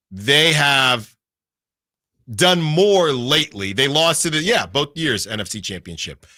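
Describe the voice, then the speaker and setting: A man's voice: lowish voice, pushed and bright, dry recording, studio quality. A man hosting sports radio, reading out team records in casual talk and checking himself as he goes. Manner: reads out records, self-checking.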